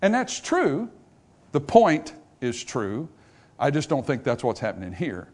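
A man preaching a revival sermon to a congregation in church, swinging from loud, rising passages to low, quiet ones and acting out small dialogues between characters. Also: wildly swooping pitch, a little slow.

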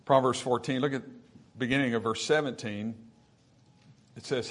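A man preaching a sermon to his congregation, mid-pitched and earnest. He talks plainly and conversationally, then rises into emphatic bursts. He reads scripture aloud and checks in with the room with a questioning "Amen?". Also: normal speed. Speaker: pastor.

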